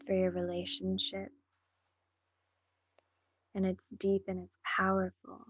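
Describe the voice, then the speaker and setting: A woman host speaking in a slow, reflective monologue, soft and breathy, often sinking into near-whispers as she encourages listeners directly. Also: medium pitch, monotone, dry recording. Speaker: podcast host.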